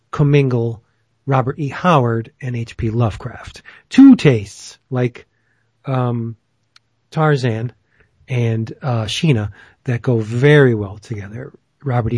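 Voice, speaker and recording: Husky-voiced man chatting enthusiastically. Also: mid-range voice, darkish tone, dry recording. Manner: rambling and enthusiastic, many fillers. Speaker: podcast host. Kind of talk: casual chat.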